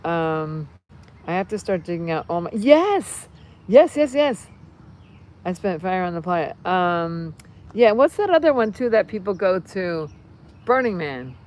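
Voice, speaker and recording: A woman in her fifties hosting a casual livestream, reading viewer comments in a rambling, excitable way with many fillers and restarts. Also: on the low side, moderate pace. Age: 50s. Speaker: livestream host.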